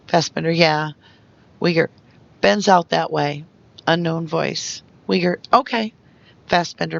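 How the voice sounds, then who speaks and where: A reader going through investigation transcripts aloud, naming each speaker and stage note in a flat way. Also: mid-range voice, slow pace, gravelly, pauses often, lo-fi sound. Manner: reads out speaker labels and stage notes flatly.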